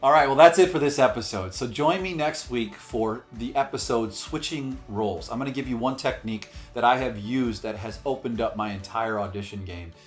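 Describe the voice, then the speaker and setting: A man's voice: mid-range voice, normal speed, hardly any pauses, faint music behind. A middle-aged man, an acting coach, giving casual spoken advice with emphasis, swearing now and then.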